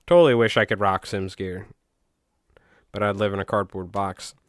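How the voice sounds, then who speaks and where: A man's voice: lowish voice, steady tone, moderate pace, smooth, no echo, studio quality. A young man with a Long Island accent chatting casually and jokingly on a live stream while tying flies, rambling with many fillers.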